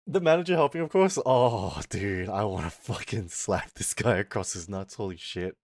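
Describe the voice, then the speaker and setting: Speaking at an ordinary pace with a voice on the low side, a young male streamer rants through a wandering story, cursing freely and quoting others in their own voices. There's no room sound, and the studio audio is clean.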